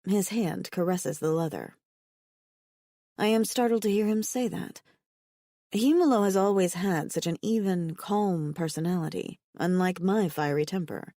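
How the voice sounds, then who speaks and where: Woman audiobook narrator, first-person romance, intimate measured read, dry close sound. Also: fairly low pitch, mellow, dry recording.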